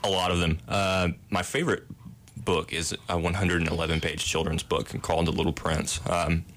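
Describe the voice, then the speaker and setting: A man's voice: deep voice, level tone, normal speed, fairly bright tone. A young man, a residence hall director, answering interview questions in a modest, self-deprecating way with easy laughs.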